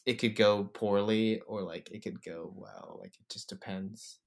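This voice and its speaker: Easygoing low-voiced podcast host. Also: male voice, fairly even intonation, a little slow, creaky. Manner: easygoing, leads the questions. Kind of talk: casual chat.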